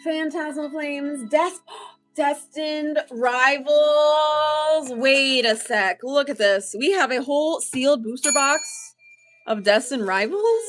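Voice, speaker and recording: Woman host, casual stream banter, high voice, unhurried delivery. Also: faint music behind. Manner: chatty, reads chat aloud, yawning, excitable gasps. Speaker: livestream card-breaking host. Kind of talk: casual livestream chat.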